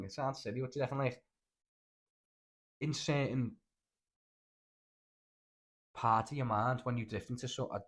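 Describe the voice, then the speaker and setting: A young man with a Scouse accent telling rambling, animated stories in casual podcast chat, full of slang and swearing. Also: mid-range voice, moderate pace, pauses often. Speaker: podcast host.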